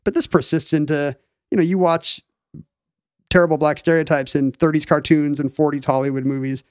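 A slightly high-voiced man talks through a history topic in a loose, chatty way. He packs his talk with "you know" and "like" and restarts sentences as he goes. The sound is dry and close, with no room behind him. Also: brisk, smooth, no room sound. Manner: explains history in a chatty, animated way with many fillers. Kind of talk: casual chat.

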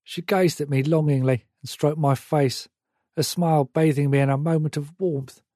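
A man reads a memoir aloud, measured and reflective, with a mellow, soft tone. His voice sits a little high for a man, and the recording is dry and close. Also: fairly even intonation, dry recording. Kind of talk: audiobook memoir narration.

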